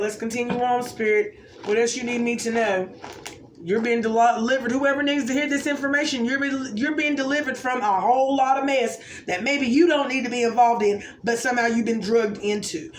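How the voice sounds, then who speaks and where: A woman giving an intuitive oracle card reading to viewers, musing aloud and often asking "okay?". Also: on the high side. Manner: musing, exclamatory, keeps checking in with "okay?". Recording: roomy echo, faint background noise.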